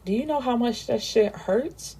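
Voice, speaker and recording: A woman's voice: fairly high pitch, normal speed, mellow, breathy edge, pitched above the performer's own voice. A woman voicing a remorseful young man pleading with the woman he loves, in a book recap. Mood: anguished. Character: heartbroken guilt-ridden young man.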